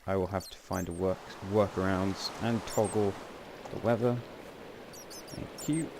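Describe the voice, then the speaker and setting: A man's voice: low voice, steady tone, unhurried, gravelly, noisy background. A man giving casual, rambling gameplay commentary with wry asides and frequent self-corrections. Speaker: game channel host.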